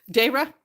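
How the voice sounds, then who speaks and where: A woman vlogger chatting casually to the camera, tearful at times and laughing often between lines. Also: pushed and bright.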